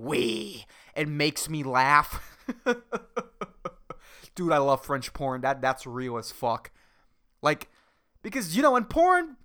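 Guy doing a solo podcast rant, bright edgy voice, super clear, swears a lot, rambles. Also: fairly high pitch. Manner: rambling, profane, jokey. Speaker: podcast host.

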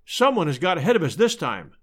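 A man reading aloud and voicing an excited American detective with an American accent who exclaims briskly. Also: on the high side, full character voice. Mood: startled.

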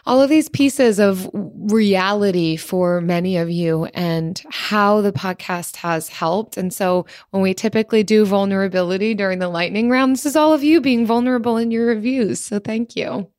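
A woman's voice: medium pitch, normal speed, few pauses, darkish tone, no echo. Upbeat woman podcast host, dry sound. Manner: upbeat, stumbles over names and laughs it off. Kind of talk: casual podcast chat reading listener reviews.

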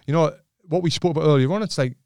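A man's voice: on the high side, fast talker, darkish tone, dry recording, clean studio sound. A man, a podcast guest, telling stories in casual chat, swearing and often restarting his sentences.

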